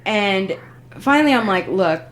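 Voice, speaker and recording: A woman's voice: medium pitch, a little slow. A woman hosting a podcast in casual chat, telling a story with animation and acting out the people she quotes. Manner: animated storyteller, acts out quoted phone reps. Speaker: podcast host.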